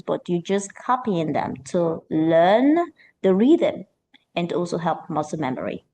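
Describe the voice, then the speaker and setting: A woman leads a pronunciation lesson as an accent coach. She speaks with lively energy and stretches key words out slowly to stress them. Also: mid-range voice. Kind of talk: teaching an online pronunciation lesson.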